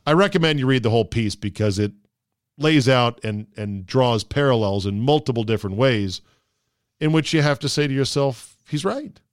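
A man's voice: medium pitch, normal speed, clear, resonant tone, no room sound, studio quality. A man hosting a podcast, delivering a sarcastic casual monologue and slipping into mocking voices. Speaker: podcast host.

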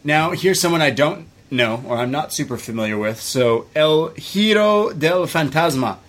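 A man's voice: fairly high pitch, lively intonation, normal speed, a bit bright. A man co-hosting a wrestling review podcast, chatting loosely, swearing and drifting into side rants. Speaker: podcast co-host. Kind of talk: casual wrestling review chat.

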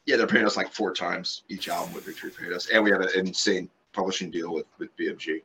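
A man's voice: deep voice, steady tone, quick pace, vocal fry, pushed and bright, slight background noise. A man, a metal band's vocalist, chatting casually on a podcast, laid-back and freely swearing. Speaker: band vocalist, podcast guest.

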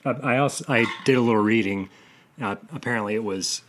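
A man's voice: mid-range voice, fairly quick, fairly bright tone. A man co-hosting a podcast, adding facts in a dry, matter-of-fact way. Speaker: podcast co-host. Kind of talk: casual chat.

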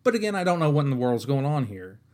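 A man's voice: mid-range voice, big pitch swings, fast talker, darkish tone. A man hosting a podcast, ranting in a comic, exasperated way, swearing often and restarting his sentences. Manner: exasperated, profane, rambling with many restarts. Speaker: podcast host. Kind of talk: comedic rant.

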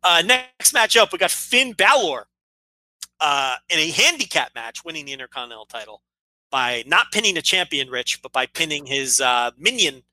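A man co-hosting a casual podcast with a very bright, ringing voice that sits a bit high. He tells his stories with wry exasperation. The sound is close and dry. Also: big pitch swings, moderate pace, no echo, low-quality recording. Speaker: podcast co-host.

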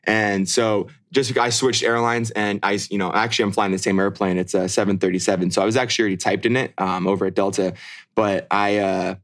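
A man's voice: fairly low pitch, fairly even intonation, brisk, a bit bright. A man in his thirties, a podcast co-host and airline pilot, talking in a laid-back, rambling way and laughing often. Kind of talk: casual chat.

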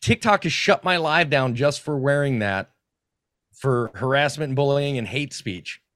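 A man's voice: mid-range voice, measured pace, no room sound. Profane storytelling man, dry mic. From North Carolina. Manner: animated, profane, restarts often. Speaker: podcast guest. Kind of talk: casual storytelling.

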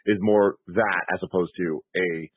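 A man's voice: low-pitched, steady tone, normal speed, husky, dry recording. A man on a podcast speculating in easygoing casual chat. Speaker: podcast co-host. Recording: dry, tinny phone-like sound.

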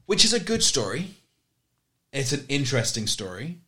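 A man's voice: medium pitch, very animated, normal speed, pushed and bright, slightly rough. A man co-hosting a podcast, chatting casually with dry, wry humor. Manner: dry, wry commentary with laughs. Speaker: podcast co-host. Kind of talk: casual chat.

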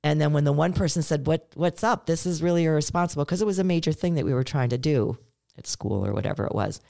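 A woman's voice: low-pitched, fast, creaky. A middle-aged woman co-hosting a podcast, telling a personal story in an earnest, conversational way and acting out the lines she quotes. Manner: earnest, storytelling, animated when quoting. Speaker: podcast co-host. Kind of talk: casual chat.

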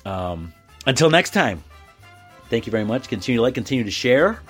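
A man hosting a casual solo podcast from his quiet house at night, talking in a chatty, animated way with frequent restarts and quick laughs. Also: mid-range voice, slightly rough, faint music behind. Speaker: podcast host.

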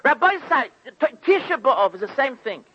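High, bright-voiced impassioned preacher man. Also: very animated, moderate pace, breathy edge. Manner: impassioned storytelling, acting out quoted voices. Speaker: rabbi giving a sermon. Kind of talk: sermon. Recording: dull lo-fi recording.

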